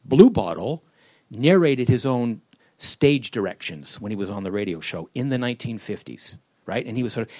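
A man's voice: medium pitch, sing-song, normal speed. A man who creates comedy shows tells wry, rambling stories during an audience Q&A at a live panel event. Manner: wry, rambling storyteller who slips into voices.

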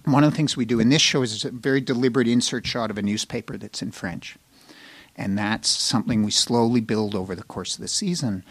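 A man speaking as a TV showrunner at a live panel, frank and animated, acting out people's reactions. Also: lowish voice, dry recording. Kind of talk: candid panel talk. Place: live event with an audience.

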